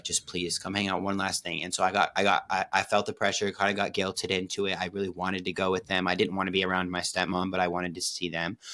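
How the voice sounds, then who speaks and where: Podcast co-host, man, very low voice, loose swearing storyteller. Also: pushed and bright. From Oregon, USA. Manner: rambling, profane, many fillers and restarts. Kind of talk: casual personal storytelling.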